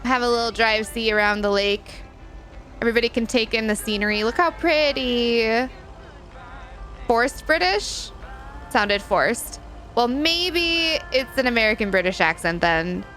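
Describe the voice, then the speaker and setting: A woman's voice: fairly high pitch, animated, moderate pace, a bit bright, faint music behind. A woman live-streaming a video game in casual chat, reading and answering her viewers and giggling often.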